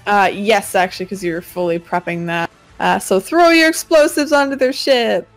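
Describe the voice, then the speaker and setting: A woman's voice: mid-range voice, moderate pace, soft background music, rough recording. A woman running a tabletop game as game master, narrating scenes vividly.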